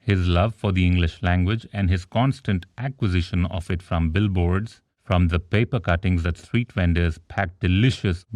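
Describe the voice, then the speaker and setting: A man with a very deep voice reads his novel aloud in a steady, measured way. The sound is dry and close with no room. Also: dry recording. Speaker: author and narrator. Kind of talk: scripted narration.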